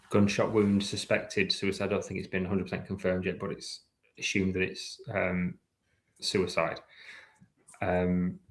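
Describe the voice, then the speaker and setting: A man, co-hosting a sports podcast with a dry, measured delivery. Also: low-pitched. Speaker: podcast co-host. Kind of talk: casual chat.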